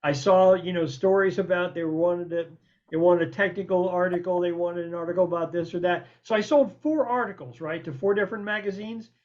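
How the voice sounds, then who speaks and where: Middle-aged guy host, swears a lot, animated storytelling, muffled lo-fi audio. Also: sits high, a little fast. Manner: animated, profane, colloquial storyteller. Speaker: podcast host. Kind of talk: storytelling interview chat.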